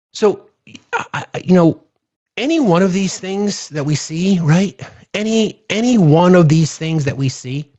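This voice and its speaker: A man's voice: a little high, darkish tone. A man hosting a political livestream, ranting angrily and profanely, often repeating himself as he thanks viewers. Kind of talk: angry political rant on a livestream.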